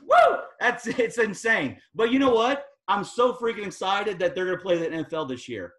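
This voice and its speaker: A man with a notably high-pitched voice gives a motivational team training talk. He is emphatic and fired up, and he talks in a loose, slangy way. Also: animated, moderate pace, fairly bright tone. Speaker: guest speaker at a sales team training.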